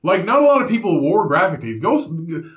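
A man's voice: high voice, very animated, fast talker. Rambling, profane man in an echoey room. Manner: profane, rambling, repeats himself. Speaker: podcast co-host. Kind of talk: casual chat.

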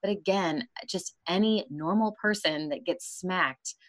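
A woman's voice: on the low side, a little slow. A woman hosting a podcast, talking frankly and conversationally and often laughing mid-sentence. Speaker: podcast host. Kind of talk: casual interview talk.

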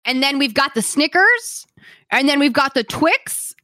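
Giggly woman podcast cohost, high bright voice, teasing, dry close sound. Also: sing-song, a little slow, no echo. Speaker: podcast co-host. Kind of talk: casual chat.

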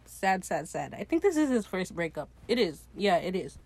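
A woman's voice: on the low side, very animated, normal speed, slightly rough, no echo. Chatty, sarcastic young woman recapping a show. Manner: chatty, sarcastic, swears casually, laughs at her own jokes. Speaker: podcast host recapping a TV episode. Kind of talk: casual solo recap podcast.

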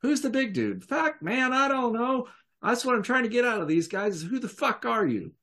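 A man's voice: very high voice, very animated, normal speed, bright, forceful tone, voice pushed up, exaggerated voice. A man voicing a brash, foul-mouthed male criminal who talks bluntly and profanely. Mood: confrontational.

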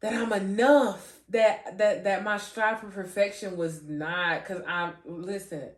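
A woman's voice: fairly low pitch, takes it slowly, distant mic. Giggly woman in a roomy echo. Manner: animated, giggly, trips over words; restarts and repeats phrases. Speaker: podcast host. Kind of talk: faith podcast talk.

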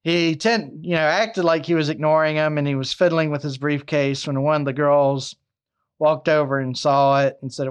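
A man's voice: on the high side, steady tone, moderate pace, clear, resonant tone. A man casually narrating a true crime story, chatty with asides and fillers. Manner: conversational, many fillers and asides.

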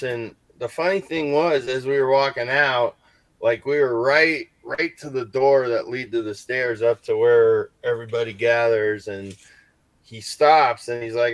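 A man's voice: mid-range voice, unhurried, dry recording. Man telling a rambling ghost story. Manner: rambling, many restarts and fillers. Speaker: paranormal investigator. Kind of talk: casual storytelling on a podcast.

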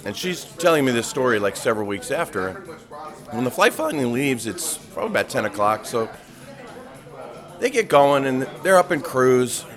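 A man's voice: medium pitch, normal speed. Man telling an airline story over music. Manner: animated, acts out the people in the story. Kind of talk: casual storytelling.

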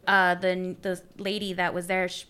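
A woman telling stories in casual podcast chat, animated and swearing, acting out what people said. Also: fairly low pitch, normal speed, clear, resonant tone. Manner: animated, swearing, acts out quotes.

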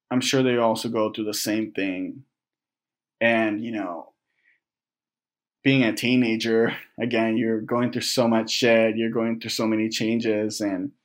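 A young man telling a candid personal story to his viewers, halting and reflective, with many restarts, fillers and casual swearing. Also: mid-range voice. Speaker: vlogger.

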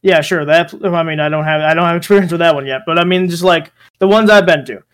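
A man's voice: on the high side, fast, fairly bright tone, clean tone. A young man hosting a casual podcast chat, rambling with lots of fillers and restarts. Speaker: podcast host.

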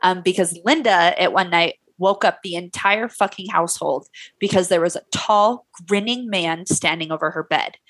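A woman's voice: fairly low pitch, normal speed, a bit bright, no room sound. A young woman host narrating a story casually, loose and profane, with a sore throat. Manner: loose and profane, many fillers. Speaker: podcast host.

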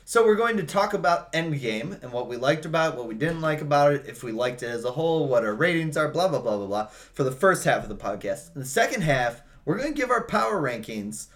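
Animated young man hosting a podcast. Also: on the high side, a little fast, hardly any pauses. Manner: jokey, animated, laughs often. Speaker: podcast host. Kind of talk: casual chat among friends.

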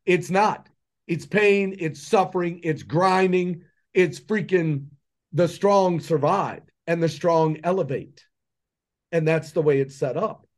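This man speaks in a notably high register for a male voice. He delivers a fervent, preachy monologue as a podcast guest, piling up rhetorical questions to drive his point home. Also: slow pace. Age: adult with children. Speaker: podcast guest, entrepreneur and mentor. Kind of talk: impassioned conversational monologue.

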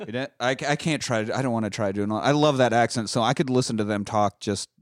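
Fast and medium-pitched, an Austin guy talks a friend through a movie he saw, cursing freely, wandering off topic and slipping into silly voices for quoted lines. The sound is dry and studio-clean.

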